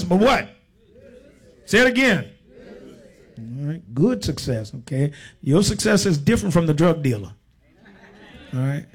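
High-voiced preacher working the congregation. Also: male voice. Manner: slow, emphatic scripture reading broken by casual asides. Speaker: pastor. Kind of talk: sermon with scripture reading and congregation call-and-response.

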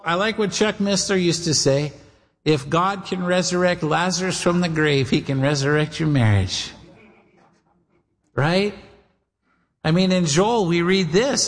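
A pastor preaches in an earnest, direct way, calling out to his listeners and briefly playing the voices of others. His voice sits high for a man. It rings out with a long echo, as in a large hall. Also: fairly bright tone. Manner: earnest, addresses listeners as guys and gals, acts out quoted voices. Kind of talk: sermon.

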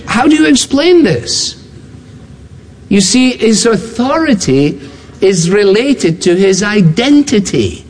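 A man's voice: sits high, sing-song, takes it slowly. A man preaching a sermon, building his points through repetition and acting out quoted voices. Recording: long hall reverb.

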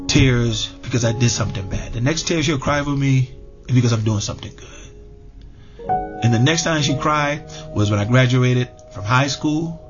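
A middle-aged man telling a personal story in a relaxed, conversational way, full of fillers and repeated words. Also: medium pitch. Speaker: interviewee. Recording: dull lo-fi radio audio with music behind.

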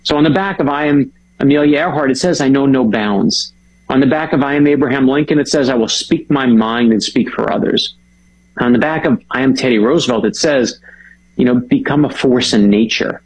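A man's voice: mid-range voice, fairly quick, slightly rough, rough recording. A man, an author and guest, chatting with enthusiasm and telling stories. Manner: enthusiastic storyteller, animated. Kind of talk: casual chat.

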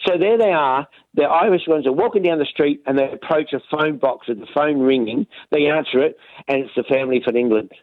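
A man's voice: a little high, brisk, no echo. A man calling in to a radio show, telling a family story in a plain, matter-of-fact way. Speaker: caller. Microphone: telephone. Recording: tinny phone line.

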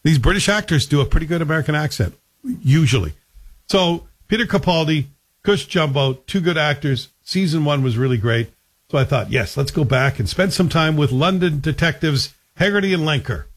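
A man talks through a TV series in a loose, conversational review. His voice sits a little high, and he is wry, often putting questions to the listener. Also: animated, moderate pace. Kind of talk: casual spoken TV review.

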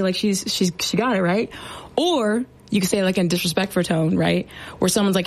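A woman's voice: mid-range voice, brisk. A young woman talks straight to the camera in a loose, chatty vlog voice. She peppers every explanation with fillers and little check-ins, and throws in playful, teasing jabs at her viewers. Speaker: soldier explaining military slang.

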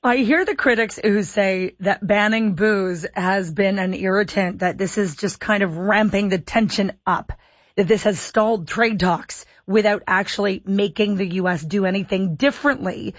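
A woman's voice: medium pitch, normal speed, no room sound, highs cut off. A woman hosting a talk radio show, chatty and self-deprecating. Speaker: radio host. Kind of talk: casual radio chat.

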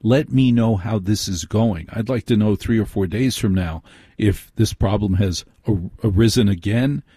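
A man hosts a late-night call-in radio program in a low, mellow, husky voice. He talks in a measured, reassuring way and keeps each caller engaged by name. The studio sound is close and dry. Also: no room sound.

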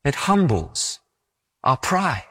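A man preaches in a loose, conversational sermon style, and his fairly high voice rises and falls a great deal. He slips into the stories he tells and acts them out. The sound is close and dry. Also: takes it slowly, no echo. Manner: conversational and animated, acting out stories.

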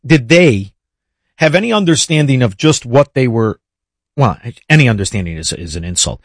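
A man's voice: medium pitch, no echo. A man hosting an interview, asking long, impassioned, rambling questions. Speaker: interview host. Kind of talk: conversational interview.

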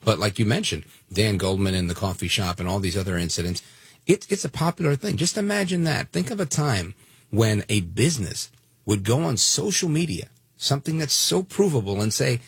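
A man hosting call-in talk radio, blunt and conversational with a gravelly voice. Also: lowish voice, expressive, brisk, dry recording. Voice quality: gravelly and husky. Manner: blunt, conversational, many fillers. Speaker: radio talk show fill-in host. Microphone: studio microphone.

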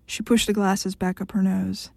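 A woman narrating a novel aloud in an even, measured reading. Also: medium pitch, vocal fry, dry recording, studio quality.

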